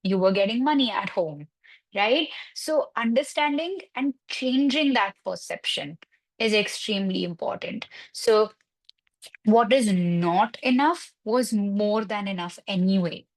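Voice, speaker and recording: Taking part in a webinar discussion, this counseling psychologist has a medium-pitched, expressive voice and a slightly slow pace, though the audio quality is low. Her manner stays reassuring as she illustrates points with everyday examples and parents' quoted concerns.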